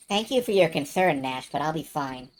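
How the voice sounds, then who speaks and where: A woman voicing a quiet, earnest young woman heir to a magic guild, speaking softly in a game reading. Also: lively intonation, normal speed, slight background noise, poor audio. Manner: soft, low and earnest.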